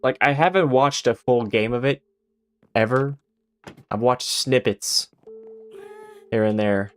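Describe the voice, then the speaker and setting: A man's voice: medium pitch, slow pace, smooth. Rambling Swedish man with American-style English. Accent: American-style English learned as a second language. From Sweden. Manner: rambling, swears, laughs often. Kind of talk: casual commentary while gaming.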